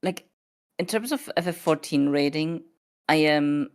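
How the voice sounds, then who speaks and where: A sleepy woman with a notably low voice chats casually on a stream. She rambles and hesitates, filling her sentences with fillers as she works through her thoughts. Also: unhurried. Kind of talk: casual chat.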